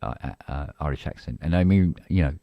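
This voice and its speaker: Man, middle-aged, very deep voice, rambling casual chat, dry close sound. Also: brisk, dry recording, dull audio. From England. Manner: rambling, full of restarts and coughs. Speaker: co-host of a live stream.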